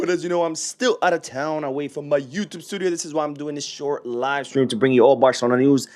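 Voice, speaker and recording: A man hosting a football news live stream from away while he travels, lively and sarcastic in his asides. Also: a little high, fast, few pauses.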